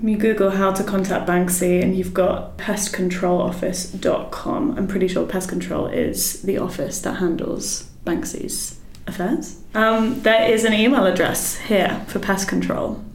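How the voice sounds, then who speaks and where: A woman's voice: medium pitch, fairly even intonation, measured pace, a little hiss or hum. A woman on a podcast production team chats in an easygoing, practical way during a team meeting. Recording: echoey room.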